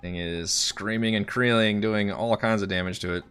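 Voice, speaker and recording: A man with a somewhat low, bright voice runs a tabletop game as game master. He narrates monsters and makes rule calls in a relaxed way and laughs often. Soft music plays behind him. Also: moderate pace, clean tone. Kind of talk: running a tabletop game over voice chat.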